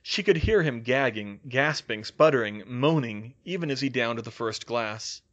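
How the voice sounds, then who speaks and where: A man narrating a fan fiction audiobook in an expressive storytelling manner. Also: medium pitch, a little slow, muffled recording.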